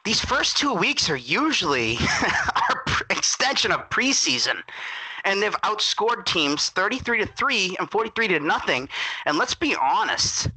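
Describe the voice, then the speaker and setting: A man co-hosting a sports podcast, talking in a gushing, excitable way and admitting he is worked up. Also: high-pitched, a little slow, slightly rough, low-quality recording. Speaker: podcast co-host.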